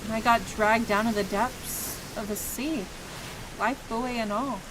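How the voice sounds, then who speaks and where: A woman's voice: a little high, steady tone, measured pace, background noise, lightly acted. A woman voicing an earnest, troubled young man in a game, speaking seriously.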